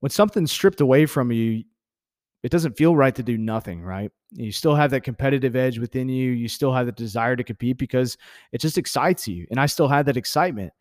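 A man's voice: mid-range voice, a little fast, dry recording, clean studio sound. Frank young Texan man telling his story. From Texas. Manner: candid, profane, heated with laughs. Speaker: podcast host. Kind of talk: casual storytelling monologue.

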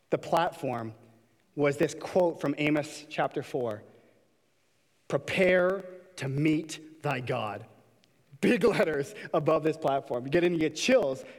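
A man's voice: a little high, long reverb tail. A man preaching a sermon in a church, impassioned, sometimes putting on mocking voices to make a point. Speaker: pastor.

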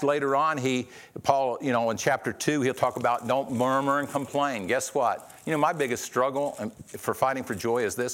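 Male preacher, chatty sermon, repeats himself, pitch jumps when stressing a point. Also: fairly bright tone. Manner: conversational, repeats words, restarts often. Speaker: pastor.

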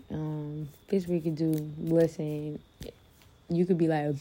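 Casual podcast host, young woman, deep warm tone, blunt and profane, talks straight to listeners. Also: little pitch movement, unhurried, slight background noise. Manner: candid and profane, addresses listeners as loves. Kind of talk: casual motivational monologue.

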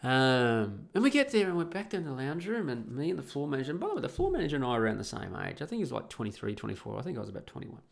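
Very fast and with few pauses, this man talks in a gravelly mid-range voice that swings widely in pitch. He's a podcast host from Perth, Australia, recording at home and telling a story bluntly and crudely, rambling and restarting a lot.

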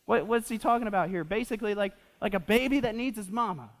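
A man's voice: high voice, quick pace. Young male pastor in a reverberant hall. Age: 20s. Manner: animated, repeats himself with fillers, jokes with the audience. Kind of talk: sermon. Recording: long reverb of a church hall.

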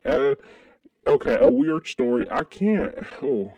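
A man from Kentucky co-hosting a crude comedic podcast, talking in an animated way with sudden high exclamations. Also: slow pace, highs cut off, crowd noise. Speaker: podcast co-host.

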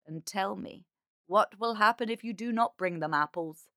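A woman voicing a kind, gentle old man who embodies a winter month in a storybook. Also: mid-range voice, no echo, clean studio sound, lightly acted. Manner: gentle, slow, caring.

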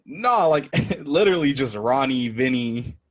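A man's voice: mid-range voice, animated, measured pace. A man chatting loosely on a podcast, stringing thoughts together with plenty of fillers. He laughs through his own stories and talks in easy slang. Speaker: podcast co-host. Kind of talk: casual podcast chat.

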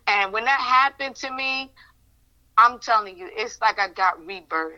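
Fervent bright-voiced woman testifying. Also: a little high, measured pace, muffled recording. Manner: fervent, storytelling, acts out her prayers with God. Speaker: minister sharing a testimony. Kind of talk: emotional personal testimony in a podcast interview.

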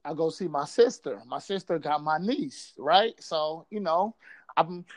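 A man's voice: a little high, animated, unhurried. A man from Buffalo telling a casual story, swearing freely and acting out quotes. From Buffalo, New York.

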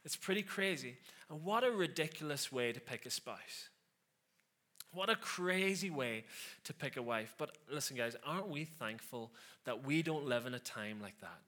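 Bright-voiced man preaching conversationally. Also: medium pitch, animated, moderate pace. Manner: conversational, sarcastic asides, frequent "right?". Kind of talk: sermon.

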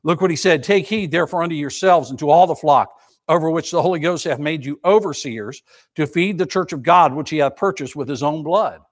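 A man's voice: fairly high pitch, brisk. A male pastor preaching a sermon, emphatic and repetitive, asking the congregation rhetorical questions.

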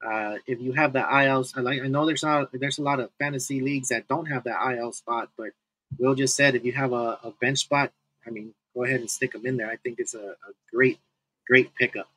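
A man's voice: mid-range voice, steady tone, brisk, bright, forceful tone, dry recording, low-quality recording. A man co-hosting a casual fantasy baseball podcast, laughing often and restarting his sentences. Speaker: podcast co-host. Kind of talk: casual sports chat.

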